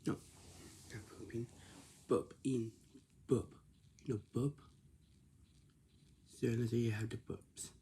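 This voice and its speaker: Slow gravelly man explaining manners. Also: lowish voice, mellow. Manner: slow, repetitive, asks "right?" and answers "yeah". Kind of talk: casual explanatory talk.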